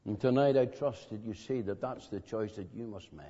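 A man preaching an evangelistic sermon in a meeting hall, slow and dramatic, pressing his listeners with emphatic questions. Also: lowish voice, mellow, breathy edge. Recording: dull lo-fi recording in a reverberant hall.

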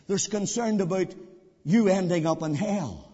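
A male preacher delivering an evangelistic sermon, swinging between hushed pleading and loud ringing emphasis, with repeated questions put to the listener. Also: high-pitched, moderate pace, slightly rough. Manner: repetitive rhetorical questions to the listener. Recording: dull sound in a long-reverb hall.

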